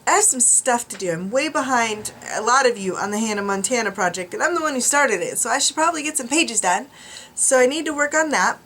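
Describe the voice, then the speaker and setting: A woman's voice: fairly high pitch, a bit bright, a little hiss or hum. Tired, rambling woman vlogger. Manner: rambling, trailing off, many restarts and ums. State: tired, drowsy. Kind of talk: casual chat to camera. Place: home studio.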